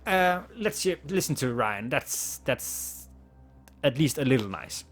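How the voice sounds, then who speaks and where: A man's voice: medium pitch, expressive, measured pace, fairly bright tone, soft background music. A man casually playing a text adventure game aloud, stumbling over words, laughing and swearing as he reads. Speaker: game player reading aloud. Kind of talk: casual let's-play narration.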